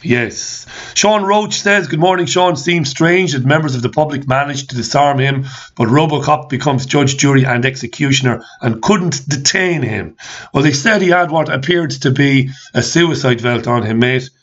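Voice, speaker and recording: An exasperated man hosting his own commentary show, firing the same questions again and again and swearing freely. His voice sits at an ordinary pitch for a man. The recording is slightly dull and lo-fi. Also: moderate pace, fairly bright tone. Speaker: host. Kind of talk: ranting commentary.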